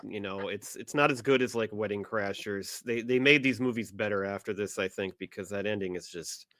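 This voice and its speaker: A man's voice: fairly low pitch, brisk, a bit bright, no echo. Easygoing podcast man, dry close sound. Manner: easygoing, laughs along. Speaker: podcast co-host. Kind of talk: casual chat about a film.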